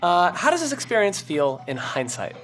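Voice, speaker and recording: Brief: woman interviewer, lower-set voice with a lively, swinging lilt, playful questions, soft music underneath. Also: moderate pace. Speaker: off-camera interviewer. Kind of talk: upbeat rapid-fire questioning.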